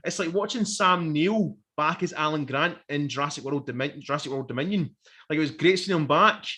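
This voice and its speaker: A man, co-hosting a casual review chat, animated and sweary, acting out quotes. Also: fairly high pitch, fairly quick. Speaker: podcast co-host.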